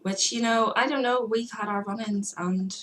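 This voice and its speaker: Sitting in her room, a young vlogger chats casually to camera and gives forum shout-outs, hesitating often and restarting her sentences amid many fillers. She speaks at a normal speed in a fairly high, fairly bright voice with a steady tone, though the audio quality is poor.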